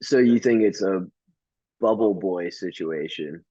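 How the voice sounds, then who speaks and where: A man's voice: deep voice, a little slow, mellow, slightly rough, dry recording, muffled recording. A man hosting a comedy podcast, telling stories casually with rambling, stammering restarts and swearing.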